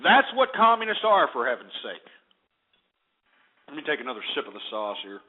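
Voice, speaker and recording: A male radio talk show host delivering a profane, ranting monologue in fast bursts. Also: mid-range voice, big pitch swings. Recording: tinny lo-fi radio audio.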